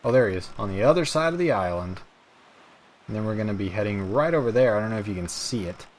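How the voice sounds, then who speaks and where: A man's voice: lowish voice, lively intonation, quick pace, a little hiss or hum. A young man hosting a let's play, chatting in a rambling, self-mocking way with many fillers. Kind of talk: gameplay commentary.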